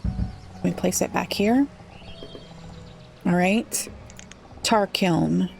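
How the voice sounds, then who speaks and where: Casting: woman, low gravelly voice, unhurried let's-play muttering over faint game music. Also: darkish tone. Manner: thinks aloud, muttering and puzzling over the game. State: slightly rough voice. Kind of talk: relaxed gameplay commentary.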